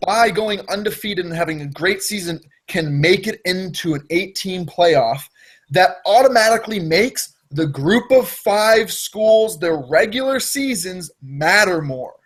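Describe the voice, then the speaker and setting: A husky-voiced man with a fairly high pitch holds the floor in a casual sports debate. He explains his case at length and insists on finishing his point. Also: lively intonation, measured pace, fairly bright tone. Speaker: podcast co-host.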